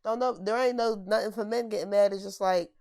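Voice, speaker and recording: A woman's voice: mid-range voice, steady tone, fast talker, a little mellow, dry recording, clean studio sound. A young woman co-hosting a podcast, chatting casually in slang, laughing often as she talks. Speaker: podcast co-host. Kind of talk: casual chat.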